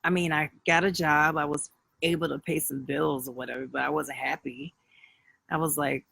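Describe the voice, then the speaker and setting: Gravelly man telling his story. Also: fairly high pitch, fairly even intonation, moderate pace, bright, forceful tone, no echo, rough recording. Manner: rambling and candid, with many fillers and restarts. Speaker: livestream host. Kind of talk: casual personal storytelling on a live video.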